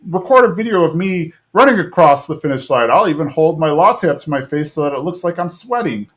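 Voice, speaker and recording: A man's voice: fairly high pitch, animated, fairly quick, natural voice. A man briefly voicing a young boy full of excuses as he recaps a cartoon episode. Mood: whiny. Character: young chubby boy avoiding exercise.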